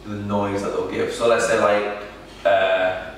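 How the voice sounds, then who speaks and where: A man's voice: on the low side, flat delivery, slight background noise. Echoey, distant male wrestler. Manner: halting, many restarts and fillers. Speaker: wrestler being interviewed. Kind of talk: casual interview answers. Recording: echoey room from far off.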